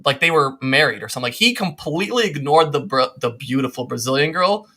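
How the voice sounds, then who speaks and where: Bright-voiced male podcast host. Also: medium pitch, fast. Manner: lively, animated storytelling with playful asides. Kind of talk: casual podcast chat.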